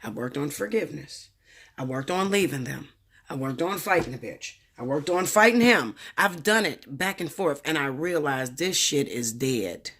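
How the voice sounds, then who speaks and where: A woman giving a casual tarot reading, talking bluntly and profanely with animated storytelling. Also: sits low, moderate pace. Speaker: tarot reader.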